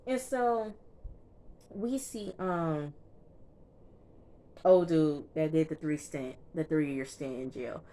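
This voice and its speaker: A woman's voice: sits low, slow pace, pauses often, warm tone. A woman chatting casually through a TV episode recap, emphatic and full of fillers, talking straight to her viewers. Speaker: TV recap vlogger.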